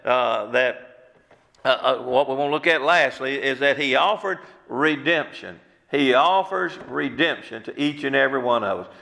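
A man's voice: on the high side, vocal fry, bright, forceful tone. A man preaching a sermon as pastor, using fervent rhetorical questions. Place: church sanctuary. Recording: long church hall reverb.

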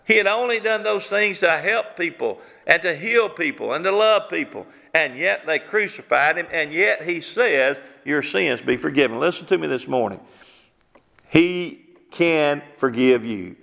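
A middle-aged preacher delivering an emphatic sermon full of rhetorical questions. His gravelly, bright voice sits a little high. It rings through a long hall reverb. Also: lively intonation, measured pace.

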